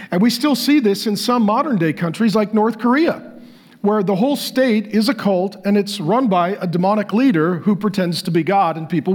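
A male pastor delivering a sermon, reading facts aloud and breaking into animated, joking asides. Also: high voice. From Irish descent.

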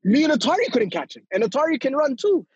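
A young man, telling a story on a podcast in a casual, animated way, laughing often and acting out what people said. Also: extremely high pitch, fast talker, no echo, dull audio. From Toronto, Canada. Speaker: guest storyteller.

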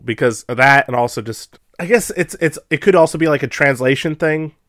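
A man's voice: medium pitch, fairly bright tone, no room sound, clean studio sound. Easygoing chuckling podcast co-host man. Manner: easygoing, chuckling, quick asides. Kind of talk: casual chat.

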